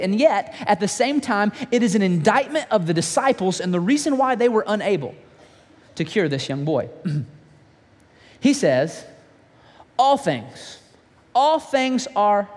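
A man preaching a sermon, dramatically retelling a story, acting out its voices and dropping to hushed whispers. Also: high-pitched, long reverb tail. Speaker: pastor.

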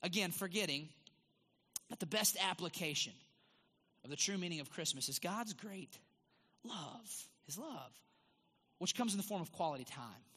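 A man preaching a sermon to his church, teaching with emphatic, drawn-out stress on key words. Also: sits high, expressive, sharp tone, breathy edge. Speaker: pastor. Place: church sanctuary. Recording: long hall reverb.

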